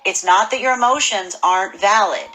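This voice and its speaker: A woman giving a casual spoken tarot reading, animated and full of restarts and repeated words. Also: mid-range voice, moderate pace, poor audio. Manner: acts out imagined people's voices. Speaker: tarot reader.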